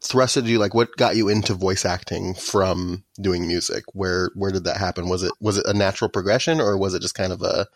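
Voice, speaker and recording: Deep-voiced man hosting an interview. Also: steady tone, brisk, hardly any pauses, dry recording. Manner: rambling, stacks questions with restarts. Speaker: interview host. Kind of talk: casual interview.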